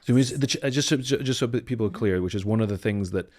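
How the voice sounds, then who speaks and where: A man's voice: lowish voice, fast, a little mellow, no room sound, studio quality. A man hosting an interview, cutting in with clarifying questions and restarting his sentences. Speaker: host.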